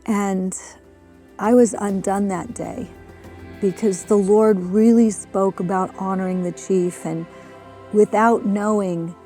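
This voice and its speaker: Woman preacher, middle-aged, earnest, halting restarts, mellow warm tone, faint music behind. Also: medium pitch. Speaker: missionary preacher. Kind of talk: sermon storytelling.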